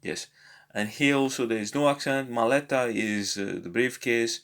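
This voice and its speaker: A man's voice: mid-range voice, normal speed, creaky, fairly bright tone. Hesitant man teaching a language lesson. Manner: hesitant, many fillers and restarts. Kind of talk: casual spoken lesson.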